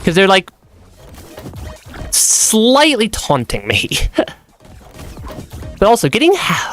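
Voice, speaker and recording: A game streamer giving relaxed let's-play commentary, chatty, laughing often and restarting sentences as they go. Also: medium pitch. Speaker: gaming streamer.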